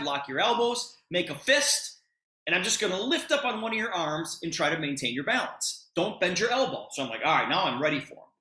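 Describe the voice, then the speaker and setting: A middle-aged man retelling a conversation to an audience with lots of expressive emphasis. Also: a little high, echoey room. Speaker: presenter telling a personal story. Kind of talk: animated storytelling to an audience.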